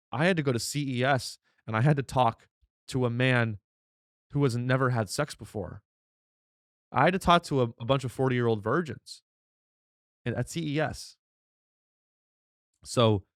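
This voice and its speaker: A man's voice: mid-range voice, a bit bright, dry recording, clean studio sound. A man hosting a comedy podcast, delivering a mock-outraged, ironic rant full of restarts and rhetorical questions.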